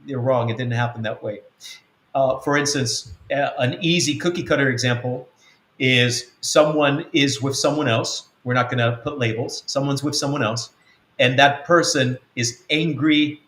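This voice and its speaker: This man's mid-range voice stays steady in tone at a normal speed, with a slightly bright quality and a roomy echo around it. A spiritual coach and mentor, he teaches conversationally on a web-church show, rambling with many ums and performing pieces of quoted dialogue.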